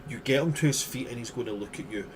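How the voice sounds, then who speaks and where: A man narrating a tabletop game as game master in a relaxed, casual way. The recording is noisy. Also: mid-range voice, fast.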